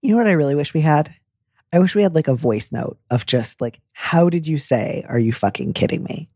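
Playful mellow-voiced man hosting advice chat. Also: on the high side, brisk, dry recording, studio quality. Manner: playful, jokey, animated impressions. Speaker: advice podcast host.

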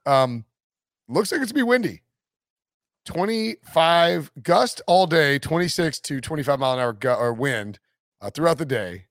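A man's voice: on the high side, animated, normal speed, a bit bright, dry recording, studio quality. A man hosting a sports podcast, chatting casually, joking and laughing often. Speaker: podcast host.

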